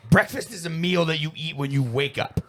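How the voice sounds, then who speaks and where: A man's voice: a little high, a little fast, pushed and bright. A man co-hosting a podcast in casual chat, teasing his friends and chuckling. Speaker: podcast co-host.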